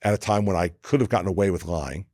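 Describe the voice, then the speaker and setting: Lower-voiced New man telling stories. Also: fast talker, dry recording, clean studio sound. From New Jersey, USA. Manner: animated anecdote teller who acts out quoted people, with frequent restarts. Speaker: podcast guest. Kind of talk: casual storytelling in conversation.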